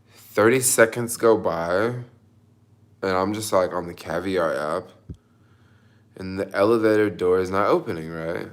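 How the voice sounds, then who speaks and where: A young man vlogging, emotional and close to tears, telling a rambling story full of fillers and restarts about his delivery shift. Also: sits low. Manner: rambling, self-conscious, lots of fillers. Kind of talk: casual storytelling vlog.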